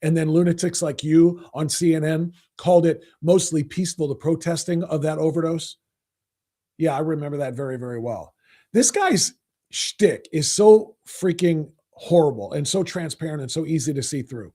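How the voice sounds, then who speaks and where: A man's voice: a little high, normal speed, warm tone, slightly rough. A male talk show host delivering an angry, sarcastic political rant.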